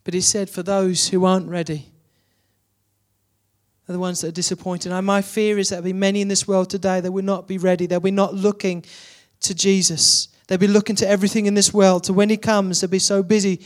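A man's voice: high-pitched, level tone, brisk. A man preaching a sermon, building to emphatic repeated questions.

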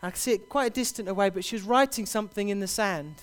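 A man preaching a sermon, building to loud, impassioned repeated cries. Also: high-pitched, fast, clean tone.

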